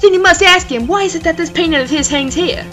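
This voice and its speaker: A woman's voice: very high voice, quick pace, pushed and bright, faint music behind, pitched above the performer's own voice. A woman voicing a pompous, scheming male company boss who talks in a grandiose, theatrical sneer. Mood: gloating.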